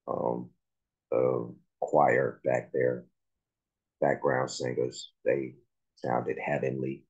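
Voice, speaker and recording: A man hosting a music reaction video, talking slowly and haltingly with many fillers and restarts. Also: extremely low pitch, level tone, creaky, a little mellow, breathy edge, dull audio. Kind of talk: casual reaction commentary.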